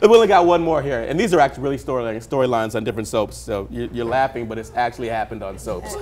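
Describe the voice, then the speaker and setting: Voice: mid-range voice, fast talker, a little mellow. A talk show host running a joking quiz game, teasing the guest and laughing at their own jokes.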